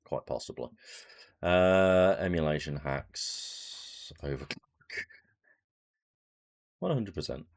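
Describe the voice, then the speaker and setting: A man's voice: very deep voice, slow pace, pauses often. A man casually commenting on a retro adventure game, wry and self-mocking. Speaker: let's-play host.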